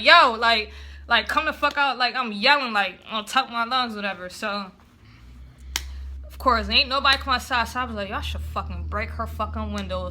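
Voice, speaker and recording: A young woman tells a casual story on camera. Her voice is very bright and pitched a little high, and she plays out her own past lines as she goes, cursing freely. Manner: animated retelling, acts out own past lines, heavy swearing. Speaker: vlogger telling a story.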